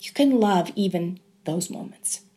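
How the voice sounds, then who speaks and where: A middle-aged woman, a guest in a conversational interview, telling a personal story in an earnest, reflective way with many pauses. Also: fairly low pitch, expressive, mellow. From Southern California.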